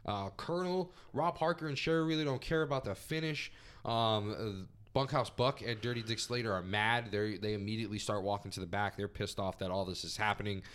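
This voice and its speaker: A man's voice: on the low side, fairly quick, fairly bright tone, clean tone. A man co-hosting a podcast, casually recapping a wrestling event, rambling with many fillers. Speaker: podcast co-host.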